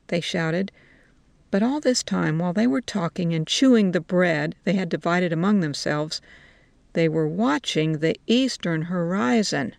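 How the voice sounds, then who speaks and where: Slow, gravelly woman narrating a story. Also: low-pitched, no echo. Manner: calm, measured, unhurried. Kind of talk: storybook reading.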